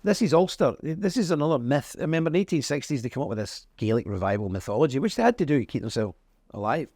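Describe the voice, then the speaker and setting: A man's voice: animated, fast, darkish tone, no echo, studio quality. A middle-aged Northern Irish man, an interview guest telling history in an emphatic, storytelling way. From Northern Ireland. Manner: emphatic, storytelling, swings in pitch. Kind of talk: conversational interview.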